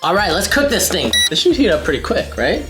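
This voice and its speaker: Low-voiced laid-back young woman. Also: big pitch swings, a little fast, over loud music. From Southern California. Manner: laid-back, jokey, with lots of fillers. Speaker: co-host. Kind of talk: casual chat while cooking. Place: home kitchen.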